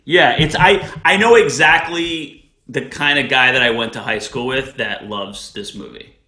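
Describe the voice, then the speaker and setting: A man co-hosts a casual film chat, keen and restarting his sentences often. His voice is bright, and the room around him sounds roomy and echoey. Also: medium pitch, unhurried. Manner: conversational, hesitant restarts, enthusiastic film talk. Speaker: podcast co-host.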